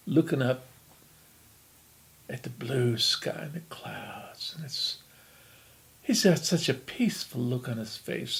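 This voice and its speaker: An older man telling a story in a relaxed, chatty, folksy way. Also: mid-range voice, gravelly.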